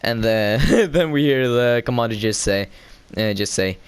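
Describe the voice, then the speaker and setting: A man talks through an episode recap in a loose, hesitant way, stopping often for fillers and self-corrections. His voice is smooth and clear at an average pitch for a man. The sound is dry, with no room echo. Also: a little slow. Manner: excitable, laughs while retelling scenes.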